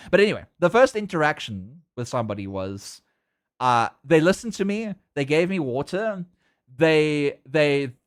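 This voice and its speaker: A young man with a South African accent chatting casually on a livestream, excitable and prone to stammering and repeating words when worked up. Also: mid-range voice, clean tone. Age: young adult. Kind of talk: casual chat.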